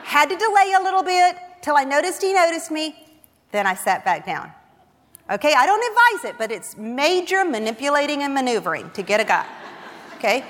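A woman giving a humorous testimony sermon to a Christian women's gathering, telling her story in a lively, self-mocking way. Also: high voice, brisk. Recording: long reverb of a large hall.

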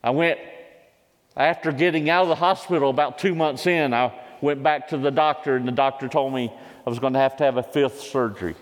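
A man in his fifties preaching a sermon, giving impassioned testimony that climbs into loud pleading cries. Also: medium pitch, a little fast. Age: 50s. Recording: long hall reverb.

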